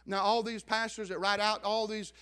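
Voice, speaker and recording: A middle-aged man preaching a sermon as a pastor, telling a story and rising from quiet asides to shouts. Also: high-pitched, little pitch movement, moderate pace, clear, resonant tone.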